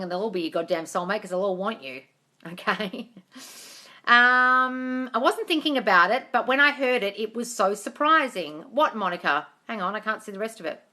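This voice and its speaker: A woman's voice: medium pitch, bright, forceful tone. A woman hosting a live-streamed Q&A as a manifestation coach, effusive, calling viewers darling and swearing casually. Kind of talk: live-stream Q&A, reading comments aloud. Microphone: tablet mic.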